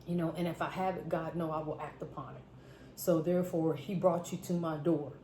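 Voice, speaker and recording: A woman's voice: low voice, steady tone, fairly quick, dark tone. A woman telling stories to camera in a casual vlog, emphatic, repeating phrases for stress. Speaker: food vlogger. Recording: roomy echo, faint background noise.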